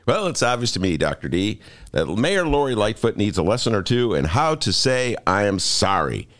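A man's voice: fairly low pitch, sing-song, brisk. A man hosting a radio talk show in a studio, joking and mocking himself. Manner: joking, self-mocking, playful.

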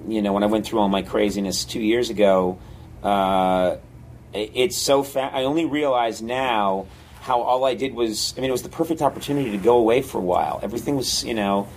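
A man being interviewed as a guest, rambling and animated, often laughing as he tells stories. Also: fairly low pitch, a little fast, slight background noise. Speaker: guest, comedy writer. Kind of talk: casual interview storytelling.

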